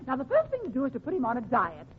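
A woman's voice: sits high, huge pitch swings, racing. A woman doing 1940s radio comedy, haughty and coy. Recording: dull old radio recording.

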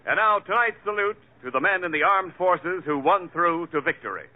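Brisk formal radio announcer guy, tinny old broadcast, lots of hiss. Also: high-pitched, expressive.

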